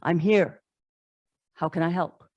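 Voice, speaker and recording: Woman playing God, calm, low, gentle, booming, dry sound. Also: takes it slowly, no room sound, highs cut off.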